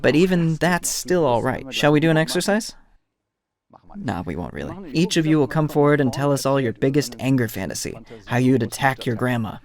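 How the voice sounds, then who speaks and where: A man's voice: mid-range voice, lively intonation, a little fast, darkish tone. German-accented man lecturing on the psyche. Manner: storytelling, acts out dialogues. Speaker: therapist and lecturer. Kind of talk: lecture to an audience.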